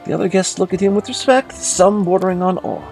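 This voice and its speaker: A man's voice: sits high, a little fast, gravelly, a little mellow, soft background music, rough recording. A man hosting a let's play, narrating and commenting on a role-playing game in a playful, theatrical way. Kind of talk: game commentary and reading dialogue aloud.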